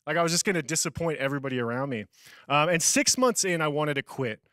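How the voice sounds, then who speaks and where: A man's voice: on the high side, fast talker, sharp tone, no room sound, clean studio sound. A young man giving a casual youth sermon as a youth pastor, telling stories on himself with a self-deprecating, laughing manner.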